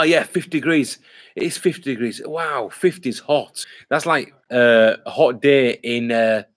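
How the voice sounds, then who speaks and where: A man, chatting casually on a live stream, reading viewer comments aloud and rambling with lots of fillers. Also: mid-range voice. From England. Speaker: vlogger hosting a live stream.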